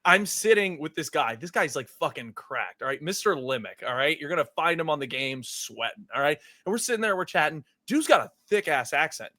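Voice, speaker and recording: Bright, animated young man telling stories. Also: fairly high pitch, brisk, hardly any pauses, dry recording, clean studio sound. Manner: animated storytelling, swears a lot, laughs often. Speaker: podcast co-host. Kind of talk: casual podcast chat.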